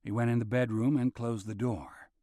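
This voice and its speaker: A man narrating a thriller audiobook, shifting his pitch as he voices different characters. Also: fairly even intonation, moderate pace, mellow, dry recording, clean studio sound. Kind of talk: scripted narration.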